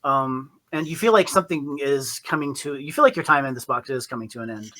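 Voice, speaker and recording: A man's voice: mid-range voice, brisk, sharp tone, rough recording. A man narrating a tabletop game as game master, rambling with frequent fillers and restarts.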